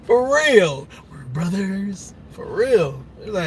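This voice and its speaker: A man doing a loud, profane comedic rant, laughing often and slipping into mock voices. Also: high-pitched, big pitch swings, takes it slowly, a little hiss or hum. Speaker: comedic commentator.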